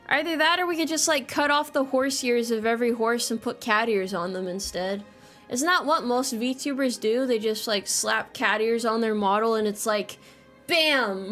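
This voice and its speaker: Young woman streaming, kinda high voice, rambles and swears a lot, faint music under it. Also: fairly bright tone. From United States. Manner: joking, rambling, swears freely, quick laughs. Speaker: VTuber streamer. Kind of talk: casual livestream chat.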